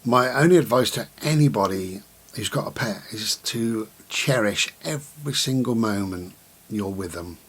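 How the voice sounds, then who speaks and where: A middle-aged man, talking slowly and gently to the camera in a reflective vlog, with many pauses and repetitions. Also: on the low side, animated, slightly rough. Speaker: vlogger.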